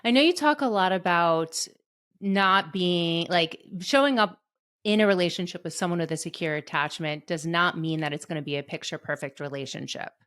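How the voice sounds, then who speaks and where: Podcast host, woman, lowish voice, casual questions, dry close mic. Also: moderate pace, a bit bright, no echo. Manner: loose, searching questions with fillers.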